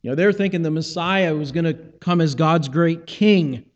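The muffled, big-room recording captures a pastor speaking at a moderate pace in a fairly high voice. His sermon is conversational, and he performs the biblical dialogue as he recounts it.

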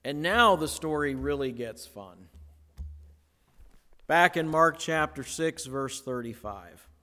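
A man preaches slowly and with a relaxed, chatty feel, his voice sitting a little high for a man. He drops into playful voiced asides as he retells the story. The sound carries a long reverb, as if in a large hall. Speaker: pastor. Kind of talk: sermon.

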